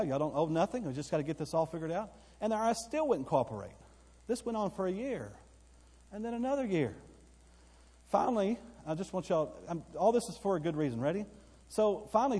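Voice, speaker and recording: A man preaching a sermon, spinning a story for his congregation and breaking into excited outbursts. His voice sits fairly high but sounds dark and a touch husky. The sound rings with the long reverb of a church hall. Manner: storytelling, rising to excited bursts. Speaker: pastor. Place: church sanctuary.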